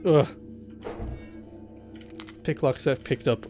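A man's voice: mid-range voice, moderate pace, pauses often, a little mellow, faint music behind. A young man playing a horror game blind, jumpy and swearing, laughing nervously as he talks through the scares. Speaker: let's play host.

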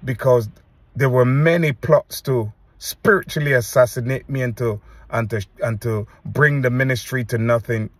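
A man preacher giving an earnest, halting testimony to camera, often restarting his sentences as he recounts visions. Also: mid-range voice, steady tone, no room sound.

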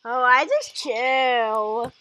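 Wanted: very high, lively, squeaky voice for dramatic plush toys, played by a woman, sleepy one moment, yelling the next. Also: takes it slowly, no room sound, full character voice, rough recording. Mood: drowsy. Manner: swings between drowsy mumbling and yelling. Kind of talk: plush toy skit voicing.

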